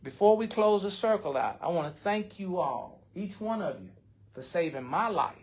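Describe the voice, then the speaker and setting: A man's voice: high voice, lively intonation, normal speed. Blunt, profane older man. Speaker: recovery group member. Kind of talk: support circle sharing.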